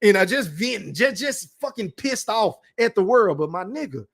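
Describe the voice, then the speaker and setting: A man hosting a podcast, ranting bluntly and profanely in a casual livestream about boxing while reading chat comments. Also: extremely high pitch. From Texas. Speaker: podcast host.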